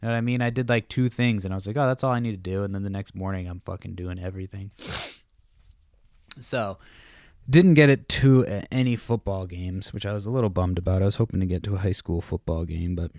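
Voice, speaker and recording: A podcast host in his thirties talks briskly in a low, slightly mellow voice from home, with kids nearby. He rambles, curses frequently, and breaks off mid-thought to follow tangents, and the recording is dry and studio-clean.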